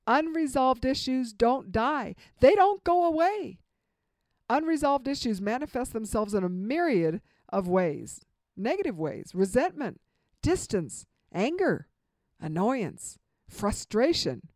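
A woman giving a spoken lecture on marriage advice, with an emphatic, expressive delivery and dramatic pauses. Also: on the high side, no echo. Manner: acts out example dialogue in vivid voices. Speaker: marriage relationship speaker.

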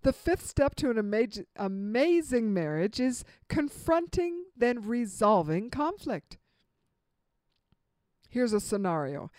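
A woman giving a spoken lecture on marriage advice, with an emphatic, expressive delivery and dramatic pauses. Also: fairly high pitch, no echo. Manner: acts out example dialogue in vivid voices. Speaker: marriage relationship speaker.

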